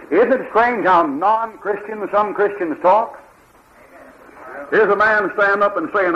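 A man preaches a fiery sermon with a fairly high voice that swings widely up and down. He hammers away with repeated rhetorical questions and mimics the people he argues against. The sound comes from a dull, lo-fi archival tape. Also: big pitch swings, normal speed.

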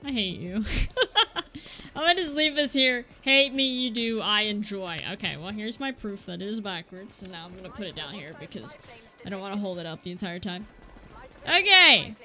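A young woman giving excitable live gameplay commentary from a room at home, exclaiming and repeating words in bursts. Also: mid-range voice, normal speed. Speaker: gaming YouTuber.

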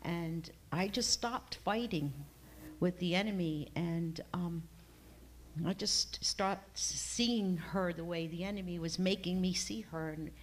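A middle-aged woman sharing an emotional personal testimony in a church class, rambling and halting, with many fillers and restarts. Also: fairly low pitch. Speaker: class member giving a testimony.

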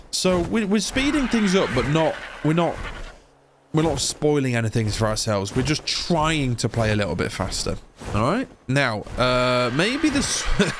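A man's voice: mid-range voice, noisy background. A man from England giving casual, rambling commentary while playing a video game, swearing now and then. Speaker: gaming YouTuber.

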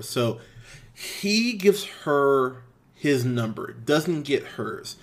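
A man with a mid-range voice talks through a film review off the cuff. He is blunt and exasperated, swears freely, and fills his pauses with "um" and "uh" as he recaps scenes. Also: mid-range voice. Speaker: podcast host, film reviewer. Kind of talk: casual movie review, unscripted.

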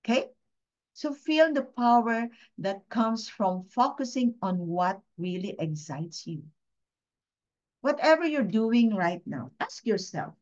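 A woman's voice: a little high, darkish tone. A woman from the Philippines giving an emotional personal testimony as a guest speaker at a training session, earnest and confiding, often putting questions to her listeners. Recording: dull lo-fi sound.

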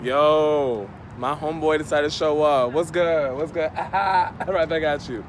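An upbeat young man chats to his viewers in loose slang as he vlogs through a city. His voice sits fairly high. Traffic and street noise are loud around him. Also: a little slow. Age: young adult. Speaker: travel vlogger. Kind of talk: casual vlog chat. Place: outdoors in a city. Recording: noisy outdoor street sound.

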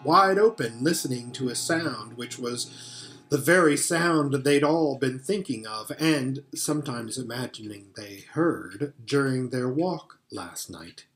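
Lively man reading a storybook aloud. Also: medium pitch, a little slow, faint music behind. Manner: expressive, occasional stumbles and restarts. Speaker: audiobook reader.

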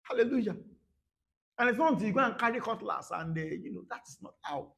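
Fiery preacher, high lively voice. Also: male voice, quick pace, creaky. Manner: dramatic, swings from soft murmurs to shouted bursts; repeats phrases for emphasis, laughs at his own points. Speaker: pastor. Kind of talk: sermon.

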